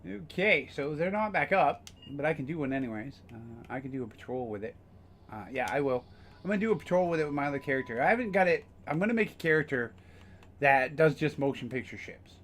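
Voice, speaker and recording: A man's voice: fairly high pitch, animated, quick pace, fairly bright tone, slight background noise. A man casually streaming a game, rambling with frequent fillers and the odd curse. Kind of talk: casual gameplay commentary.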